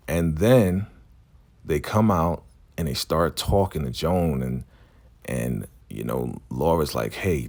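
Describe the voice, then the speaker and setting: A man with a very low, gravelly voice recaps a TV episode in a casual, animated way. His pitch swings widely as he jumps into the characters' lines. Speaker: TV recap vlogger.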